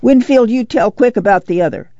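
A man's voice: high-pitched, fairly quick, mellow, no echo, voice pushed up, close to an everyday voice. Male reader doing commanding country mother, slightly raised, lo-fi audiobook. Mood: firm. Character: firm, practical farm mother.

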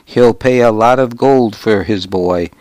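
A man voicing a shrewd, loyal warrior friend in an audiobook, speaking quietly and urgently. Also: fairly low pitch, measured pace, no echo, natural voice. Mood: low urging. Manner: quiet, urging delivery. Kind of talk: audiobook character reading.

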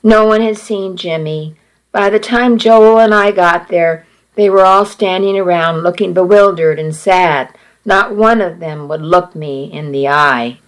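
A woman's voice: on the low side, a little slow, poor audio. A woman narrating a first-person story in a plain, earnest reading voice.

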